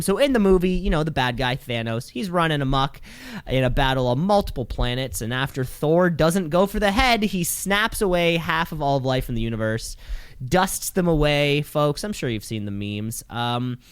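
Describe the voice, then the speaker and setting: A man co-hosting a podcast in casual chat, reading movie trivia in a quick, chatty way. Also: a little high, smooth, no room sound. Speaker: podcast co-host.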